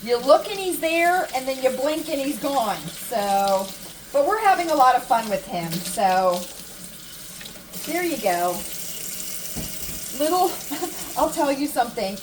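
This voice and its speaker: A woman's voice: sits high, slow pace, long pauses. A middle-aged American woman vlogger telling stories and chatting casually to her viewers, repeating herself for emphasis. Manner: chatty, animated storytelling with repetitions. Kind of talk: casual chat to camera. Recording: distant mic with faint room noise.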